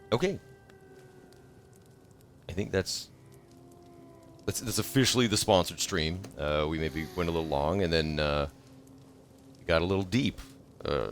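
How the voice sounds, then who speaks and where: This streamer, a man in his thirties, chats loosely on his livestream, wandering between ideas and erupting in excited yells. His voice sits low, and there's a slight hiss or hum in the audio.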